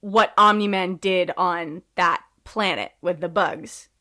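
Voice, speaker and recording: A woman's voice: lowish voice, fairly even intonation, takes it slowly, sharp tone. A woman co-hosting a podcast in casual chat, rambling off on tangents with sarcastic asides. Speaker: podcast co-host.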